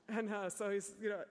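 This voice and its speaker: A woman's voice: mid-range voice, in a large hall, noisy background. A middle-aged woman giving an impassioned public speech as an activist, often filling with "you know.". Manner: impassioned, with many repeated "you know" fillers. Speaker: activist speaker.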